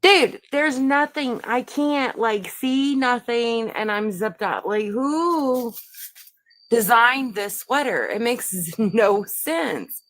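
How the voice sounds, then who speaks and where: A woman from Texas chats as a guest on a live stream. She rambles goofily and mocks herself, talking at a slow, unhurried pace. Her voice sits fairly high. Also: animated, a bit bright, no echo. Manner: goofy, rambling, self-mocking. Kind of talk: casual livestream chat.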